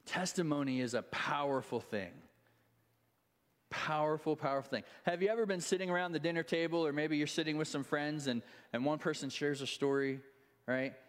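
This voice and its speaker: A man's voice: on the high side, fairly even intonation, fairly quick. A male pastor preaching a sermon, telling stories conversationally with many restarts and asides. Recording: long hall reverb.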